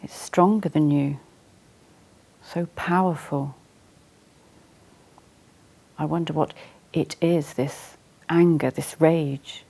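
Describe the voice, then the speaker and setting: Counsellor for a role-play: calm, unhurried, reflective; gravelly, mid-pitched voice. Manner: calm, slow, reflective, gentle questioning.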